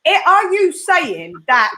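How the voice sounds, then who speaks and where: Bright-voiced chatty woman host. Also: high-pitched, slow. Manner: animated, laughing, mimics voices. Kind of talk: casual live-stream chat.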